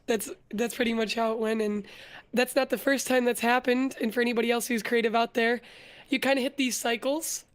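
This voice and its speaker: A woman's voice: fairly high pitch, fairly quick. Earnest young woman telling her story. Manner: earnest storytelling, growing more energetic. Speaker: interview guest, vtuber and artist. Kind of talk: casual interview chat.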